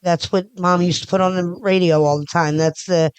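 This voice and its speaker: A podcast guest, middle-aged and from the Philadelphia area, talks casually in an interview, rambling and restarting often while using her hands. Her voice sits on the low side with a steady tone, clear and resonant, and she speaks briskly. There's no echo.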